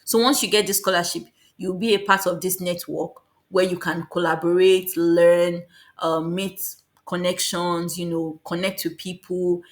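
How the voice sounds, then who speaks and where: Woman explaining quickly with many restarts. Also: fairly low pitch, little pitch movement. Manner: fast, repetitive, self-correcting. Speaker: scholarship guide vlogger. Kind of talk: casual explainer talk.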